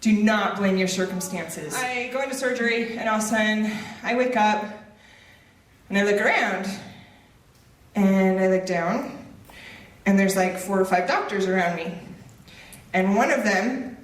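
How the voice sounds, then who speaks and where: A woman's voice: mid-range voice, unhurried, pauses often, far from the mic. A woman giving a motivational speech, telling a personal story with humor and direct lines. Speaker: motivational speaker. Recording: roomy echo, voice off mic.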